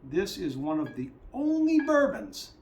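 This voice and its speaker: A man hosts a whiskey tasting in a loose, joking way, animated and quick to talk over himself. His voice sits a little high. The room is echoey, with a faint hiss behind him. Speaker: whiskey channel host. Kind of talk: casual tasting chat.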